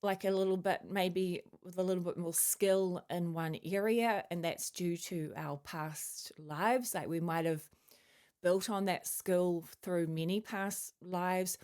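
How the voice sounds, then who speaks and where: A woman's voice: fairly low pitch, fairly even intonation, slow pace, darkish tone. Rambling woman musing about spiritual codes. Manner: rambling, filler-heavy, musing; chewing a mint while talking. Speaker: channeler sharing spiritual messages. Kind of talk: casual spiritual monologue.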